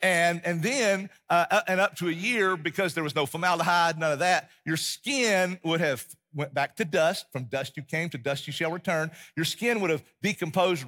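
A man preaching a sermon as a pastor, telling the story vividly and acting out the scenes, sometimes dropping to a quiet, intense delivery. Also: on the high side, moderate pace, hardly any pauses.

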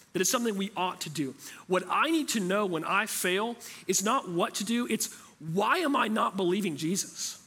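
A man's voice: high voice, a bit bright, slightly rough. A man preaching a sermon as pastor, talking in a conversational way and asking the room rhetorical questions.

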